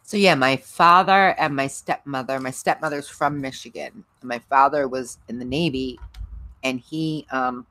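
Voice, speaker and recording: A middle-aged woman hosts a livestream, chatting casually with her live viewers, rambling and laughing often. Her voice is very deep yet a bit bright, with no echo.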